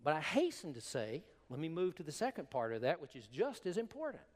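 Animated high-voiced preacher in a reverberant hall. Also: male voice, a little fast. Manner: animated, emphatic preaching with repetitions. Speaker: pastor. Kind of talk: sermon.

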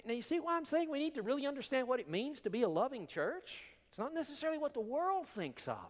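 A man preaching a sermon as pastor, emphatic and animated, with repeated words for stress. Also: extremely high pitch. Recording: long hall reverb.

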